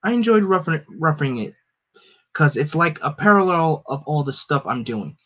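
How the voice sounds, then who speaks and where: A man's voice: a little high, animated, normal speed, a bit bright. Kid Flash: a man doing an eager young speedster. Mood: earnest. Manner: eager, earnest, touchy. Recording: dull lo-fi recording.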